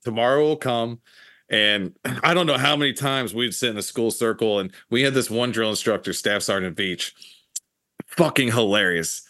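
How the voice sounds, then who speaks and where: A man hosting a casual podcast, reflecting on his time as a Marine in a relaxed, profane way. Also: mid-range voice, normal speed, no echo, clean studio sound. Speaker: podcast host, Marine veteran.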